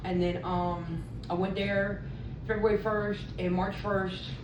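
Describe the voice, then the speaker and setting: In a roomy recording from a distant mic, with background noise, a woman being interviewed tells a candid story of her recovery. Her voice sits mid-range with little pitch movement, and she takes her time, rambling along and quoting what other people said.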